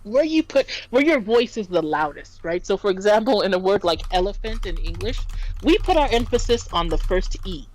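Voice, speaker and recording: A woman tutoring French in a casual stream lesson, animated and quick to laugh as she explains. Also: medium pitch, low-quality recording.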